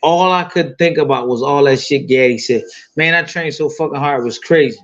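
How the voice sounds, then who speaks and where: A man's voice: on the high side, fairly quick, fairly bright tone, highs cut off. A man in his fifties telling a fight story in loose, profane casual talk full of fillers. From United States. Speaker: boxing guest.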